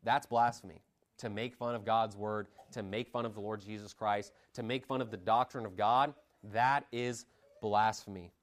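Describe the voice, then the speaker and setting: A man preaching a sermon, reading scripture aloud and stressing points with sharp rises in pitch and volume. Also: fairly even intonation, normal speed. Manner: emphatic, dynamic pitch swings, reads scripture aloud.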